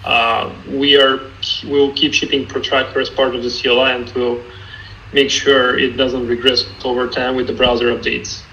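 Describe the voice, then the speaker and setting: A man calmly answering technical questions as a guest in an online Q&A, explaining step by step. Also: mid-range voice, moderate pace, gravelly, a little hiss or hum, rough recording. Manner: calm, explanatory, some restarts. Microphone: video call.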